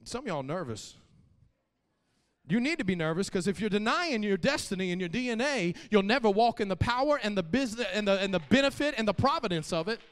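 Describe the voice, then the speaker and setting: A man preaching a live-streamed sermon, moving from soft asides to shouted peaks and repeating phrases as he speaks straight to his congregation. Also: sits high, lively intonation, fairly quick, in a large hall. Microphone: live-streamed church mic.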